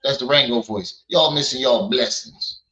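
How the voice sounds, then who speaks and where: A man putting on a low, slow impression of a boastful streamer who calls himself chosen. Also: bright, forceful tone, reverberant, dull audio, close to an everyday voice.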